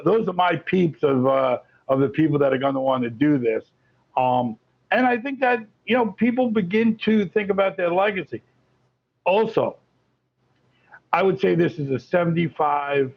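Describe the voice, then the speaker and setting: A man talking as a guest on an interview show, chatty and animated, often restarting his sentences. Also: a little high, gravelly. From Florida. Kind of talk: casual interview talk. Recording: lo-fi muffled audio.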